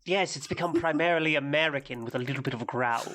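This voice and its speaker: A man's voice: a little high, quick pace, fairly bright tone, a little hiss or hum, lightly acted. A man playing a prim, sardonic male crewmate with a put-on British accent. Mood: dry.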